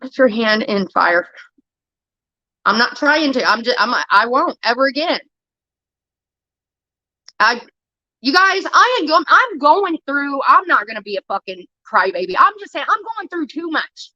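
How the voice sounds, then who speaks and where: A woman's voice: high-pitched, sing-song, a little slow, pauses often, sharp tone, dry recording, muffled recording. A woman livestreamer giving a heated, profane, defensive rant straight to her viewers. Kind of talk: angry ranting monologue.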